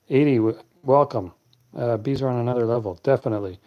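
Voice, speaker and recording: A man hosting a late-night live stream, chatting casually and answering viewers' comments in a deep, clear voice. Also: brisk, dull audio.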